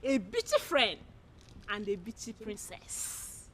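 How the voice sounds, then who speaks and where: A woman's voice: medium pitch, wildly swooping pitch, slow, slight background noise, exaggerated voice. An actress with a Nigerian accent playing a haughty young royal princess who taunts her rivals. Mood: scornful. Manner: scornful, taunting. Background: loud film score.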